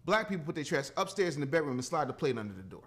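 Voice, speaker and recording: A man in his fifties, an entrepreneur appearing as a podcast guest, talks very fast in a high-leaning voice with big pitch swings. In casual podcast conversation he's blunt, emphatic and profane, with a preaching cadence.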